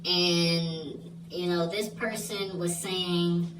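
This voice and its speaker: A young man with a high-pitched voice tells a funny story extremely slowly in a casual vlog monologue, laughing and checking in with the listener. He's off-mic and distant in an echoey room, with a clear, steady hum behind him.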